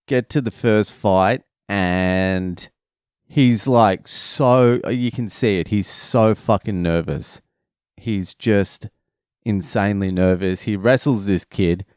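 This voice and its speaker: A man's voice: on the low side, clean tone, dry recording, clean studio sound. A man, a father, telling a family story in a casual, profane, rambling vlog. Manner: profane, rambling, animated retelling.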